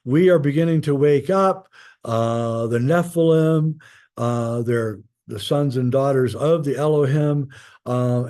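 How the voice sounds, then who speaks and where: A man, a guest author, talking in a rambling, casual way with many pauses and fillers while telling stories. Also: mid-range voice, mellow. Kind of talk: casual spoken storytelling.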